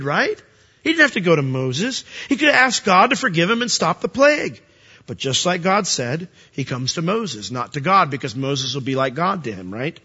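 A man preaching a sermon, animated, asking rhetorical questions and acting out dialogue. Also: fairly high pitch, husky, dull audio. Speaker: pastor.

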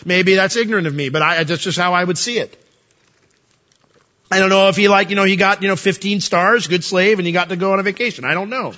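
In a high, bright, forceful voice, a pastor preaches fast and conversationally, with humorous asides and plenty of rhetorical questions. It's captured in dull lo-fi audio within a reverberant hall.

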